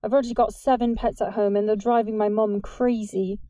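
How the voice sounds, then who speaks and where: Woman reader doing a polite, gentle teen boy, mellow tone, earnest. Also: mid-range voice, level tone, a little fast, no room sound, natural voice. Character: gentle teenage boy who loves hurt animals.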